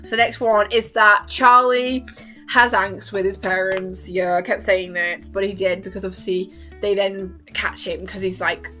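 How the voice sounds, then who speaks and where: A young woman chatting casually as a vlogger, excitable and gushing, laughing often and acting out lines. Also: medium pitch, a little slow, soft background music. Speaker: vlogger reviewing a TV season. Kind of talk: casual chat.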